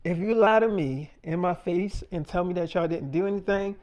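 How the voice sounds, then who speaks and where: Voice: medium pitch, normal speed, a little mellow, close to an everyday voice. A storyteller voicing a nosy younger sister who teases her older sibling and threatens to tell their mother. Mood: teasing.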